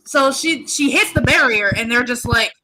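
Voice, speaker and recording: A woman co-hosting a casual chat about a TV episode, talking fast and loose with plenty of "like" and acted-out reactions. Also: a little high, a crowd in the background, poor audio. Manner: chatty, lots of "like", reacting aloud. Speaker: podcast co-host.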